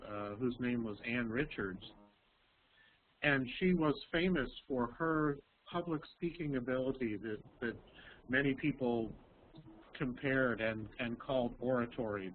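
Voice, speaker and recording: Brief: male English teacher on a video call, measured, full of ums, thin phone-like sound with light hiss. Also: mid-range voice. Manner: slow, explaining, many ums. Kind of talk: online language lesson. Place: Texas. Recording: tinny call audio, faint hiss.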